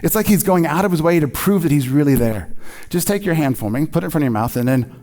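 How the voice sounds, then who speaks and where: Guy preaching in church, kinda high voice, chatty and jokey. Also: fast. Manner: conversational, animated, jokey preaching. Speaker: pastor. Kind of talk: sermon.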